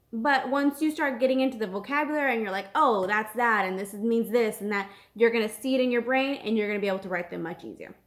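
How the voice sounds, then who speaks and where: A woman teacher walks through an algebra problem at an easy pace with a voice of middle pitch. She repeats each step and checks in with her class as she goes. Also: vocal fry. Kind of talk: recorded math lesson.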